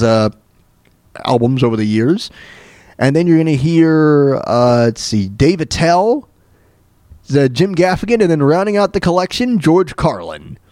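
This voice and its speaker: A man's voice: fairly high pitch, a little mellow, dry recording, clean studio sound. A male host casually introducing a set of comedy clips, loose and hesitant with fillers. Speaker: radio show host.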